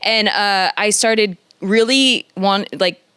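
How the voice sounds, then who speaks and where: A woman's voice: mid-range voice, slow, fairly bright tone, smooth, no echo, studio quality. A young woman co-hosting a podcast, talking candidly in casual chat and laughing often. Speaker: podcast co-host.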